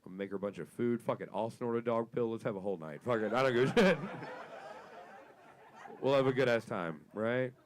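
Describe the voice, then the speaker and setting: A young man doing stand-up at a comedy club, talking through a long story on a handheld mic. His pitch sits mid-range for a man, and he swears freely while pushing his punchlines louder. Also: lively intonation, normal speed, a little hiss or hum. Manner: profane, storytelling, rising to loud punchlines. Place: comedy club stage with audience laughter.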